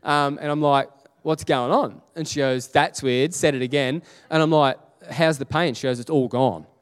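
A man's voice: on the high side, fairly even intonation, moderate pace, clean tone. A middle-aged man preaching a sermon in a church auditorium, telling stories in a conversational way with many restarts and acted-out quotes. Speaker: pastor. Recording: reverberant church hall.

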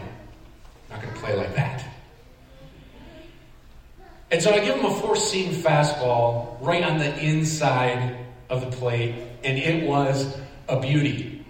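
A man preaching a sermon, telling a story with animated, self-deprecating humor and acting out his reactions. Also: medium pitch. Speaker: pastor. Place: large church sanctuary. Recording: echoey hall, distant mic, faint noise.

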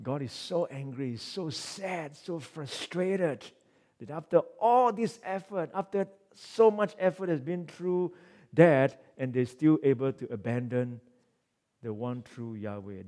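Man, pastor, sermon, reads scripture, rhetorical questions, swings from emphatic to hushed. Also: on the high side, slow. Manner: reads scripture aloud, swings between loud emphatic passages and quiet asides; asks rhetorical questions of the congregation.

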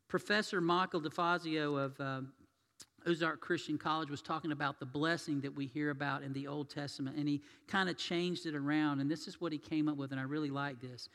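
A man preaching a sermon as pastor, telling stories and swinging between loud and hushed delivery. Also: fairly high pitch, steady tone, brisk. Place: church sanctuary. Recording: long reverb of a church hall.

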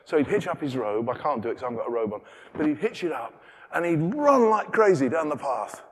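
A middle-aged British man preaching a sermon in a church, animated and acting out the characters' lines. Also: on the high side, fast talker, slightly rough. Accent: British English. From Britain. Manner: animated, acts out dialogue with changing voices. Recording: long reverb of a church hall.

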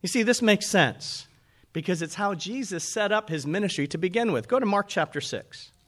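A man's voice: high-pitched, lively intonation, moderate pace, fairly bright tone. A man preaching a conversational sermon as pastor, asking his listeners rhetorical questions.

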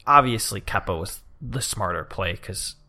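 A man's voice: lowish voice, lively intonation, normal speed, sharp tone. A man co-hosting a casual podcast, rambling eagerly as he talks through his reasoning. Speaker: podcast co-host.

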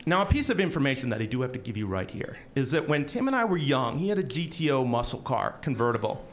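A man telling a personal story on stage in an animated, self-deprecating way with comic timing. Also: mid-range voice, fast, slight background noise. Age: young adult.

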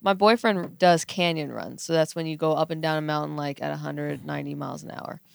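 A young-sounding woman, telling a story as a podcast guest, animated and laughing often. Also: a little fast, gravelly, smooth, no echo, studio quality. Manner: animated, laughing, quotes herself in a higher voice. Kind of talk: casual storytelling.

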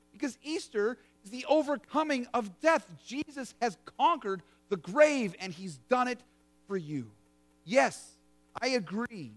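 High-voiced pastor preaching. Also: male voice, fairly bright tone. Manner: vivid storytelling, conversational. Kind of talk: sermon.

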